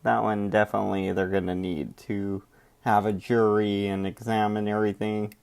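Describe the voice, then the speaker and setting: A man's voice: on the low side, little pitch movement, moderate pace, creaky, a little mellow, clear, resonant tone. A man hosting a show who comments in a laid-back, rambling way and hedges often. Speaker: show host. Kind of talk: casual commentary.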